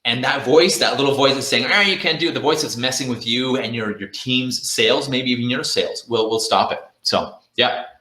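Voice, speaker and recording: A man delivers a sales training talk with a bright, forceful tone, coaching his listeners directly and often repeating words for emphasis. He slips into quoted voices to act out the doubts in a salesperson's head. The sound is roomy, with an echo around him. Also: medium pitch, normal speed, few pauses. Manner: energetic, repetitive, coaching the audience directly; acts out inner thoughts in quoted voices. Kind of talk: virtual conference talk.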